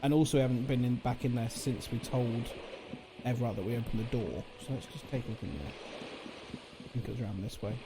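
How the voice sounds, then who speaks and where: A man's voice: mid-range voice, fairly quick, background noise. A man streaming a video game, chatting casually and thinking aloud, rambling and correcting himself as he goes.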